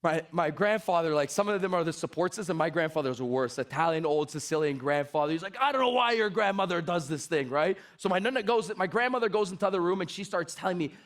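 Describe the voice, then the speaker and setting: A man giving an energetic stage talk on sales, telling animated stories and acting out the dialogues. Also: a little high, quick pace, few pauses. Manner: animated storytelling, acts out dialogues. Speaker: motivational sales speaker.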